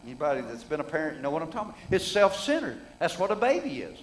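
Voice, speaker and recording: A man's voice: on the high side, very animated, rapid-fire, rough recording. A middle-aged man preaching a sermon in a folksy, conversational way, asking the congregation rhetorical questions.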